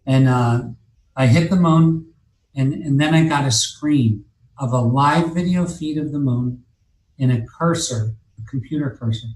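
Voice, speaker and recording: A man's voice: mid-range voice, measured pace, darkish tone, roomy sound, poor audio. A man telling a long personal story in casual talk, rambling and profane, with many restarts and fillers. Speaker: guest telling his story.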